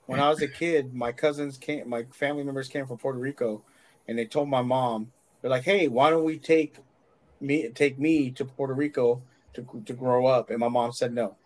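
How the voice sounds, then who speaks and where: A man's voice: mid-range voice, steady tone, moderate pace, darkish tone. A man cohosting a casual podcast chat, rambling and mock-indignant as he talks.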